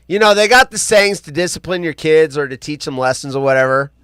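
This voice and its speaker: Man, host, casual live chat, high bright voice, very animated, dry sound. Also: fairly quick, clean tone, dry recording. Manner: animated, joking, reads chat comments aloud.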